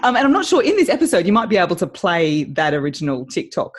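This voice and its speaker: An Australian woman, a voice coach, chatting as an interview guest and telling her story in an animated way with frequent laughs. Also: on the low side, fast talker. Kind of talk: casual interview chat.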